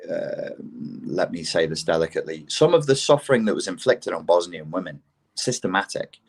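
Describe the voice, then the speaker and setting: Low-voiced man in heated casual chat. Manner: animated, swearing, rising to indignant outbursts. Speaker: podcast co-host. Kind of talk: casual podcast conversation.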